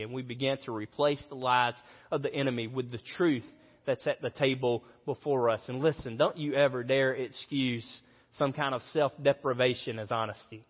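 A man's voice: medium pitch, steady tone, moderate pace. A man in his thirties, a pastor preaching an earnest, conversational sermon with self-deprecating humor. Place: church auditorium. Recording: reverberant hall, slightly dull sound.

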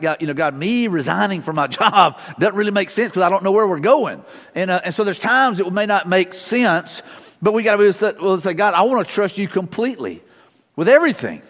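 Middle-aged male pastor, fairly high voice, chatty sermon delivery, long hall reverb. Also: fairly bright tone. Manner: casual, storytelling, frequent fillers and restarts. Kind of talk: conversational sermon.

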